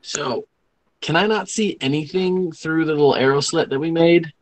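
A man's voice: fairly high pitch, normal speed, low-quality recording. A man playing a tabletop game, describing his moves step by step. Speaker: player. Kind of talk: casual game chat.

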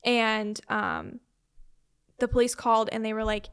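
Young woman, interview guest, slightly high voice, chatty and filler-heavy storytelling. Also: steady tone, unhurried, creaky, fairly bright tone, clean tone. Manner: conversational, many "like" and "um" fillers, quotes family members in retelling. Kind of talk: personal storytelling in a sit-down interview.

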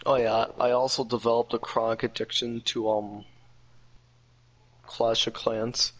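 A young man, slightly hoarse, rambling casually with lots of fillers while playing a game. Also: mid-range voice, little pitch movement, a little slow, poor audio. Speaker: gamer. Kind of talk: casual chat over gameplay. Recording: game gunfire and engine noise behind.

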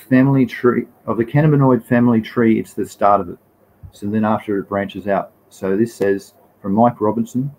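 A man's voice: lowish voice, mellow, a little hiss or hum, low-quality recording. A young Australian man hosting a casual live stream, reading from slides in a rambling way and greeting viewers in the chat.

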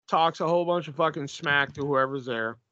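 A man's voice: fairly high pitch, a little fast, bright, forceful tone, dull audio. A man co-hosting a podcast, retelling movie scenes in a casual, profane way. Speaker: podcast co-host.

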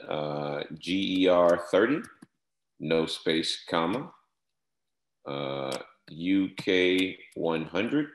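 A man with a very low, deep voice talks through a screen-share tutorial one step at a time, spelling out entries and repeating short cues. The sound bounces around a bare, echoey room. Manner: step-by-step instructions, repeats "all right" and "no space, comma". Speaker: software trainer.

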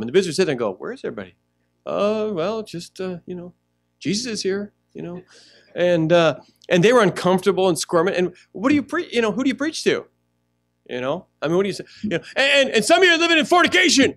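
A man pastor preaching a sermon in a church, animated, acting out little scenes as he goes. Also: high-pitched. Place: church sanctuary.

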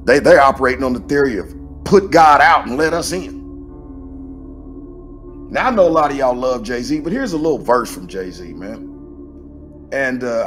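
A man hosts a conspiracy podcast in a loose, colloquial voice that sits at an ordinary middle pitch. He is emphatic and keeps firing questions and exclamations at himself. Faint music plays quietly behind him. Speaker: podcast host. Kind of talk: animated conspiracy commentary.

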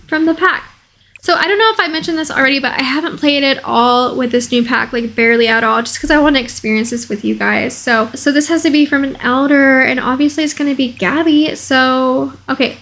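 A woman's voice: sits high, a bit bright, low-quality recording. A woman hosting a casual let's play video, commentating in a bubbly, gushing way.

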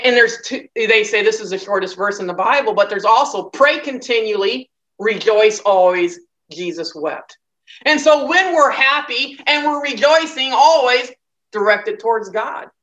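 A woman's voice: a little high, a bit bright, low-quality recording. A woman teaching a Bible study lecture in a conversational way, reading scripture and acting out the quoted speakers. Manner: conversational, acts out quoted voices.

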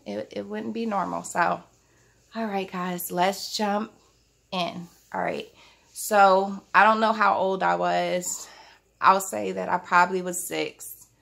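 A chatty woman telling a childhood story to her viewers from home, her voice carrying a noticeable gravelly fry. She keeps things casual and talks directly to the audience in a relaxed storytime manner. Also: medium pitch. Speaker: vlogger. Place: at home, family in the house.

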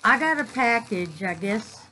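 A woman's voice: fairly high pitch, unhurried, rough recording. A middle-aged woman, gushing about a gift in a casual chat to her viewers. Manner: gushing, excitable, talks straight to viewers. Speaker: crafting vlogger.

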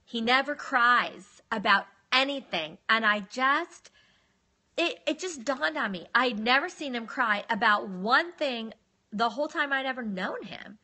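A woman's voice: fairly high pitch, expressive, a little slow, pushed and bright. A woman, telling her life story casually on a phone livestream and addressing viewers as y'all.

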